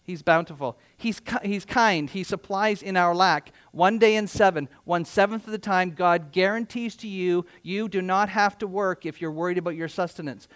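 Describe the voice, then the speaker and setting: A middle-aged pastor with a notably high-pitched voice delivers a sermon in a church. He speaks conversationally but leans hard on his points, often asking the congregation rhetorical questions. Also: normal speed, hardly any pauses, a bit bright, clear, resonant tone.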